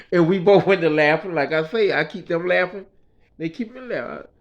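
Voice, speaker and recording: A vlogger in a hospital room casually recounts his stay as a patient in a rambling way, repeatedly saying "you know what I mean." He speaks at a moderate pace with a high-pitched voice, on a dull lo-fi recording.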